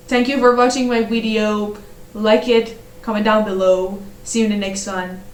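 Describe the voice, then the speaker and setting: A woman's voice: mid-range voice, fairly even intonation, moderate pace, slight background noise. Exasperated woman ranting in an echoey room. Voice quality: exasperated, sarcastic. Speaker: book reviewer. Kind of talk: ranting book review.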